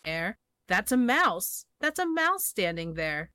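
A woman's voice: mid-range voice, very animated, slow pace, very noisy. Woman doing a startled big elephant. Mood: frightened. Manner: nervous pleading, then giggling. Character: big timid male elephant, easily startled. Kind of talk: storybook reading.

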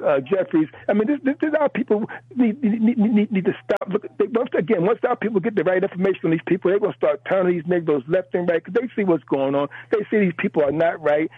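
Male call-in caller, fired up, repeats himself; husky, high-pitched, thin phone sound. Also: no room sound. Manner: emphatic, repeats words, rambling. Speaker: radio show caller. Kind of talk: impassioned call-in commentary. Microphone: telephone. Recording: tinny phone line.

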